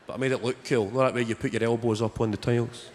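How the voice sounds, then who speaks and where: A young man doing stand-up, telling stories in a wry, deadpan way. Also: medium pitch, fast talker. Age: young adult. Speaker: stand-up comedian. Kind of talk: stand-up comedy set. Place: large theatre stage. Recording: echoey theatre, loud noise.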